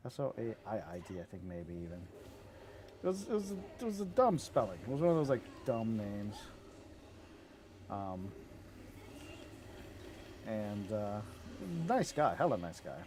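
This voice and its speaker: A man's voice: fairly low pitch, very animated, a little slow, pauses often, a little mellow, slight background noise. A man chatting casually over a video game stream, telling rambling stories and swearing loosely as he plays. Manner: rambling storyteller, swears casually, laughs at his own stories. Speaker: gaming streamer. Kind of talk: casual gameplay commentary.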